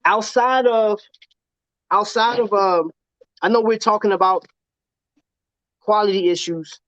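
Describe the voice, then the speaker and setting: A man's voice: high voice, steady tone, a little slow, fairly bright tone, no echo. A man hosting a casual livestream chat, talking loosely and animatedly with lots of slang and laughter. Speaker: show host. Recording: dull, lo-fi sound.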